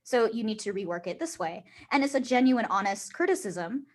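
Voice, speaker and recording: A woman's voice: on the high side, animated, fairly quick. A woman co-hosting a podcast in casual chat, talking her ideas through and laughing between points. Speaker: podcast co-host.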